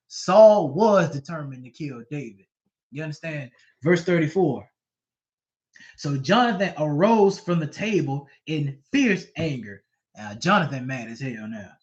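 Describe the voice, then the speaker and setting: Guy teaching bible verses, high voice, keeps asking you understand, dull lo-fi audio. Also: very animated, measured pace. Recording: dull lo-fi recording.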